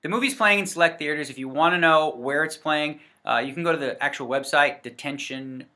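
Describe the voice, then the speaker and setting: Indoors before a set backdrop, a poker vlogger faces the camera and delivers a casual, rambling rant packed with fillers and self-corrections. He speaks briskly in a slightly high, bright, forceful voice.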